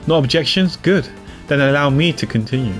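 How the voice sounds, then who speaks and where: A composed prosecutor lays out his reasoning in measured, formal sentences, as a man reads him in a game. His pitch moves freely, which keeps the delivery animated, and faint music plays underneath. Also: natural voice. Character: cool, composed male prosecutor.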